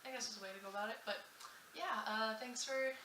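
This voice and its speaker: A woman's voice: on the high side, quick pace, sharp tone, a little hiss or hum. A young woman answering questions in a casual vlog, rambling and self-mocking as she tells stories. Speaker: vlogger. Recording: roomy echo, slightly distant from mic.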